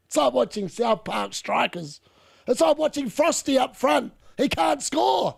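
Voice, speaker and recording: An excitable man giving live football commentary and reaction, shouting at missed chances and mocking the players. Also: very high voice, a little slow, vocal fry, husky. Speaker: watchalong streamer.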